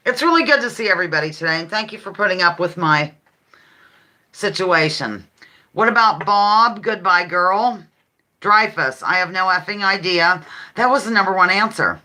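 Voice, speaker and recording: A woman hosts a casual live-stream game show and chats easily with her viewers. She reads their answers aloud and giggles often. Her voice is bright and swings freely up and down. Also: fairly low pitch, lively intonation, moderate pace. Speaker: livestream host.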